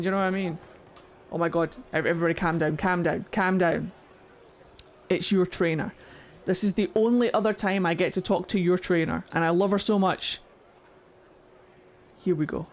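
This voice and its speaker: An Irish woman streaming a video game, chatting excitedly with jokes and swearing in casual let's-play commentary. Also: lowish voice. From Ireland. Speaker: gaming streamer.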